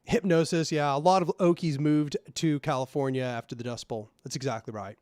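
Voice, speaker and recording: A man's voice: a little high, steady tone, brisk, a little mellow, no echo. Dry, close male livestream host. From Oklahoma, USA. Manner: rambling, conversational, frequent laughs. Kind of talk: livestream chat reading and commentary.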